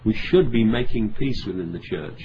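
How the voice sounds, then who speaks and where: A man's voice: fairly low pitch, animated, moderate pace. A man preaching a sermon, reading scripture aloud and driving home points with earnest emphasis and asides. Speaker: pastor. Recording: slightly dull sound with faint background noise.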